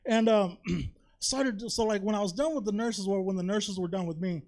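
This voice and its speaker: A man's voice: sits high, normal speed, a little mellow. A man doing a chatty, confessional stand-up set on a comedy theater stage, tossing in "you know?" and "right?" all the time.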